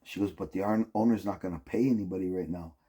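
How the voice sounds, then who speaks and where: A man's voice: deep voice, fast, warm tone, husky. A middle-aged man telling a casual rambling story, full of "like" and "um" and swearing. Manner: rambling, heavy use of "like" and "um", profane. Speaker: vlogger.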